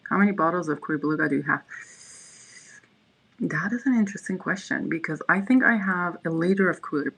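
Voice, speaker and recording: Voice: medium pitch, fairly quick, creaky, a bit bright, breathy edge, rough recording. A livestream host in casual chat, rambling and reading viewers' messages aloud. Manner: frequent fillers and restarts.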